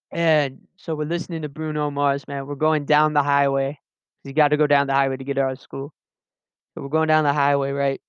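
Teen guy, high smooth voice, rambling casual storytelling, dry lo-fi sound. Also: fairly bright tone, dry recording. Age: late teens. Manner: rambling, with frequent restarts and fillers.

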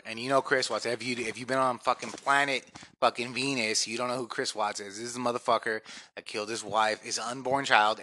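A man's voice: mid-range voice, pushed and bright. A brash man co-hosting a casual podcast, joking and swearing a lot as he banters. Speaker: podcast co-host.

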